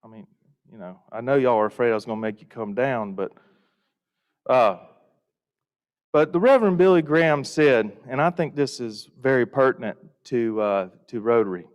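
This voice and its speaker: A man's voice: mid-range voice, moderate pace. A man giving a folksy storytelling welcome speech to a conference audience. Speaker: Rotary district leader. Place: conference hall. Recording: reverberant hall.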